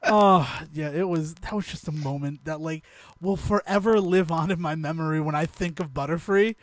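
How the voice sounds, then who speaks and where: A man's voice: on the high side, fairly quick, no echo. A man co-hosting a podcast, telling a story in casual chat, laughing as he goes and swearing freely. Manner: laughs through his stories, swears freely. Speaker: podcast co-host.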